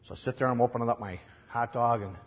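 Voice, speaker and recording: A man with a Chicago accent preaching a sermon, telling stories in a conversational way and swinging from quiet asides to loud, emphatic lines. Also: medium pitch, steady tone, fast, lo-fi sound. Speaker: pastor.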